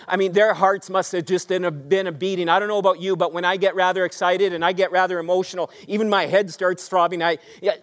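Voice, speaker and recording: A man with a somewhat high-pitched voice delivers a sermon as a pastor. His delivery swings between fervent, raised stretches and soft, hushed moments of emphasis. He speaks straight to the congregation and leans on rhetorical questions. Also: steady tone, fast, few pauses. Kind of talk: Easter sermon.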